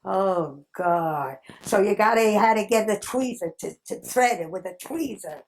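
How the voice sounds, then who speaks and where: A woman in her nineties telling old work stories in an interview, lively and full of laughter. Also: medium pitch, normal speed. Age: 90s. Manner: animated, acts out quoted people, frequent laughs. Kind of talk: reminiscing storytelling.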